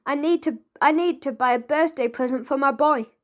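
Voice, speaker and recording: A woman's voice: high voice, brisk, close to an everyday voice. A woman voicing a worried, downtrodden father in debt, pleading anxiously in a storybook reading.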